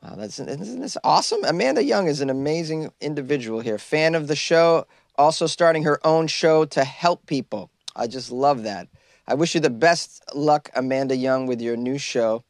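A man's voice: fairly high pitch, animated, moderate pace, creaky, dry recording, studio quality. A man hosting a comedic news podcast from a small closet, riffing on stories and laughing at his own jokes. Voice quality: jokey, riffs and laughs at his own lines. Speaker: podcast host.

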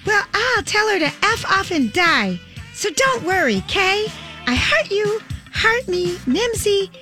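A woman playing a manipulative, gossipy teenage girl, reading out notes in a fast, high, chirpy voice. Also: big pitch swings, sharp tone, soft background music, heavily acted. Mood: scheming, gossipy. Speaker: actor reading old high school notes.

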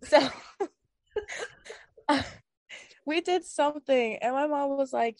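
A woman's voice: sits high, takes it slowly, pauses often, no room sound. Chatty young woman, dry sound. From Virginia, USA. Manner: animated and rambling, laughs often. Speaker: guest. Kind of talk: casual chat.

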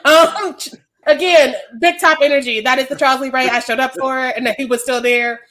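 Woman, podcast co-host, high pitch, blunt, profane. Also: steady tone, fairly quick, sharp tone. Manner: blunt, profane, laughs often, quotes lines. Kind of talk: casual podcast chat.

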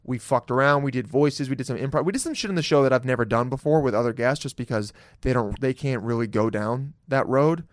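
A man's voice: mid-range voice, quick pace, few pauses, no room sound, clean studio sound. A man hosting a podcast, talking casually in a loose, jokey and profane way, laughing often. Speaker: podcast host. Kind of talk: casual solo podcast intro.

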